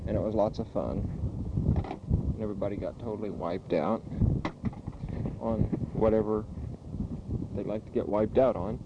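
A man's voice: on the low side, steady tone. A young man recording a rambling, chatty spoken letter home on cassette tape. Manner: rambling, chatty, with fillers and pauses. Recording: muffled old cassette tape with loud hiss.

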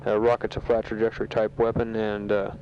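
A man who is a soldier, recording a casual spoken letter home from a sandbag bunker, talking matter-of-factly with a halting delivery full of fillers, on a dull home tape recording. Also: on the low side, monotone, a little mellow, a little hiss or hum. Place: sandbag bunker in a war zone.

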